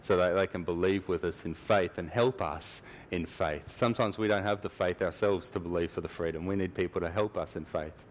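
A man's voice: low voice, fairly quick, hardly any pauses, a little hiss or hum. A man preaching a sermon in church, talking conversationally and acting out little scenes.

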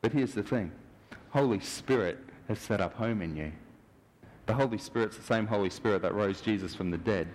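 A man's voice: lowish voice, moderate pace, darkish tone. A man preaching a sermon in an earnest, questioning manner. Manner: earnest, searching, asks many questions. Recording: long hall reverb.

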